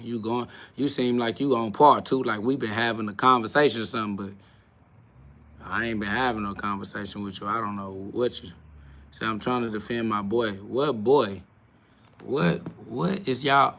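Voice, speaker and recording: A man hosting a livestream, ranting at his chat in a blunt, confrontational and profane way, swinging between loud outbursts and low mutters. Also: creaky, slight background noise. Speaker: livestream host. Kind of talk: casual livestream rant to chat.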